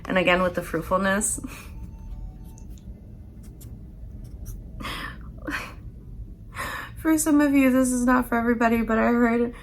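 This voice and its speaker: Woman, tarot reader, casual pick-a-card reading; raspy fry in the voice, giggly and playful, drops the odd swear. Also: on the high side, quick pace, few pauses, faint music behind. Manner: playful and chatty, laughs often, swears casually.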